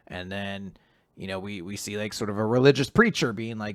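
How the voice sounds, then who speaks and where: A man's voice: fairly low pitch, fast, no echo, studio quality. A man co-hosting a casual podcast, animatedly retelling comic chapters and acting out the characters' lines with frequent laughs. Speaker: podcast co-host recapping manga. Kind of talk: casual chat.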